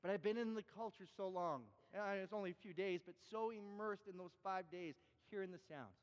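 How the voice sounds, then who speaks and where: Canadian pastor, high-pitched, restless restarts, sermon in a reverberant hall. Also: male voice, fairly quick. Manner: repeats phrases and restarts often, rising to emphatic refrains.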